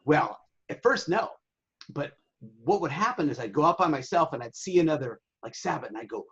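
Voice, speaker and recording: Profane, animated man with a husky voice. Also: a little high, a little fast, lo-fi sound. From Southern California. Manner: profane, animated, impersonates people in anecdotes. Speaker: interview guest, sailing website owner. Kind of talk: casual storytelling.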